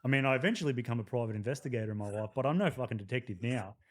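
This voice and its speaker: A man's voice: mid-range voice, rapid-fire. An Australian man telling army stories as a podcast guest, swearing freely and breaking into laughter. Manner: profane, animated storytelling with laughs. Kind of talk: casual storytelling.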